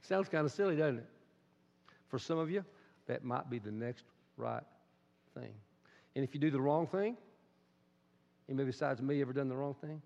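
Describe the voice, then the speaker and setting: Gravelly man preaching in a big hall. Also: normal speed, long pauses, dull audio. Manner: emphatic, bursts into high excited exclamations. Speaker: pastor. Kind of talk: sermon.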